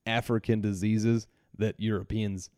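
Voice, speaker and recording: A man's voice: lowish voice, level tone, measured pace, darkish tone, no echo, clean studio sound. A man co-hosting a podcast, telling a story in casual chat, rambling with restarts and frequent laughter. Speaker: podcast co-host.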